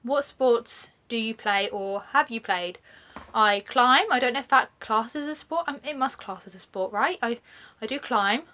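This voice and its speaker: A woman's voice: fairly high pitch, normal speed, sharp tone. A young woman with a regional British accent chatting to camera in a casual get-to-know-me vlog, rambling with many fillers and laughs. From Britain. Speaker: vlogger.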